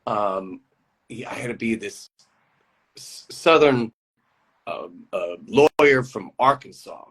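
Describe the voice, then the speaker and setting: A man appearing as a guest actor on a video call tells rambling, animated stories and laughs easily during a casual chat. His voice is lowish and slightly rough, and he takes things slowly.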